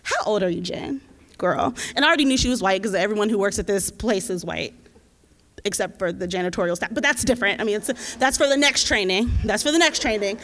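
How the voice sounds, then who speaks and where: A woman in her twenties, a community organizer, telling a lively, slangy story at a teach-in. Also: mid-range voice, fast talker. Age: 20s. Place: lecture hall. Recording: reverberant hall.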